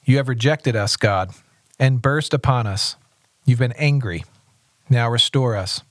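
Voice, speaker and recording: Steady-voiced male pastor reading scripture. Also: mid-range voice, measured pace, dry recording, studio quality. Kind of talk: podcast scripture reading and discussion.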